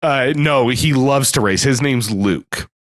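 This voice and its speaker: A man's voice: medium pitch, slow pace, dry recording, clean studio sound. A man hosting a podcast, joking around with plenty of swearing. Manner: profane, joking. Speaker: podcast host. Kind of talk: casual chat.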